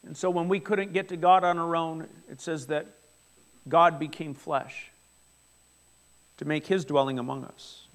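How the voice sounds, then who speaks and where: A man's voice: a little high, steady tone, a little slow, pauses often. A man in his forties preaching a sermon to a congregation in a church, earnest and conversational, often asking the room questions. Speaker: pastor. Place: church hall before a congregation.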